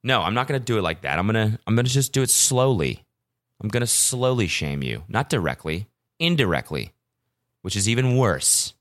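Animated, low-voiced podcast host. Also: male voice, brisk. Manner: profane, self-mocking, animated storytelling. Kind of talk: casual solo podcast rant.

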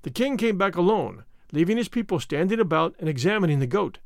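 A man narrating an adventure audiobook in a measured, expressive storytelling manner. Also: sits high, gravelly, no room sound, clean studio sound.

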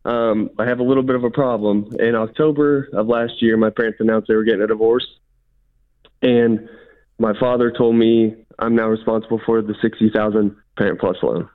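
A man's voice: fairly low pitch, a little fast. A man in his twenties calling into a radio show, speaking politely and matter-of-factly. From Illinois. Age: 20s. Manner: polite, steady, matter-of-fact. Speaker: caller. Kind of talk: phone call to radio show. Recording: tinny phone line.

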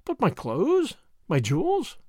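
A woman's voice: mid-range voice, wildly swooping pitch, takes it slowly, warm tone, slightly rough, dry recording, studio quality, heavily acted. A man voicing a proper, anxious lady of the house in a storybook reading. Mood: earnest.

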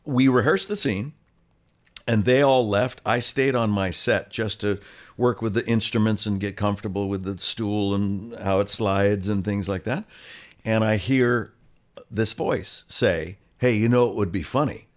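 Man telling an animated story. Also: on the low side, measured pace. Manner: animated storyteller, acts out quoted voices. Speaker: actor guest. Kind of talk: conversational anecdote.

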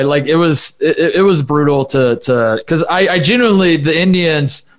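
An American man rambles through a casual sports conversation as a podcast co-host. He talks in an animated way, restarting sentences and piling on asides. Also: on the high side, normal speed.

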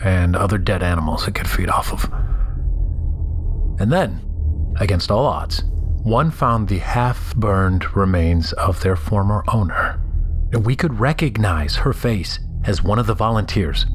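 Deep-voiced man narrating a somber horror tale. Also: slight background noise. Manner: measured, somber delivery that drops into hushed whispers. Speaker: storyteller. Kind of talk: scripted first-person horror narration.

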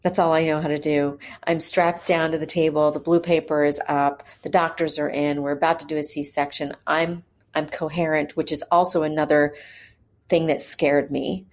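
Low-voiced woman telling a personal story. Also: flat delivery. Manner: hesitant, with frequent pauses and fillers; earnest and candid. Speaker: mother telling her birth story.

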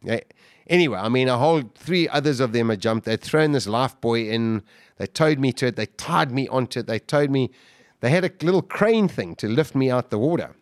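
A man being interviewed, retelling a dramatic story with great intensity and acting out shouts and quoted lines. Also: a little fast, dry recording, clean studio sound. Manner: vivid, acts out shouts and quotes, voice jumps high when excited. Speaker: guest.

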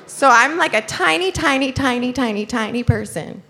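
A woman's voice: high voice, expressive, moderate pace, pushed and bright. A young woman telling a comic personal story to an audience, chatty and full of "like", laughing as she goes. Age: young adult.

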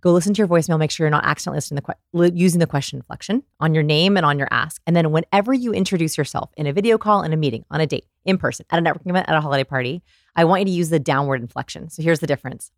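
Animated woman explaining with a dry close sound. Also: deep voice, racing, no room sound. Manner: animated storyteller, demonstrates voices. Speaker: guest, communication researcher. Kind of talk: conversational explaining.

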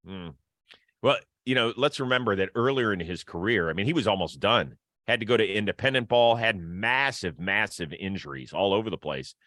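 A man's voice: lowish voice, expressive, a little fast, sharp tone, no room sound. A man hosting a sports podcast, talking casually and upbeat, often laughing as he chats. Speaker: podcast host.

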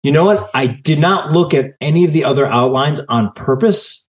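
Teasing man with a lively voice. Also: fairly high pitch, normal speed. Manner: teasing, deadpan sarcastic. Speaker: podcast host. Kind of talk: casual chat.

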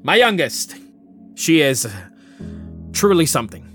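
A man's voice: fairly high pitch, sing-song, a little slow, a bit bright, faint music behind, pitched above the performer's own voice. A man doing a genial, proud king. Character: hospitable middle-aged king, genial and proud.

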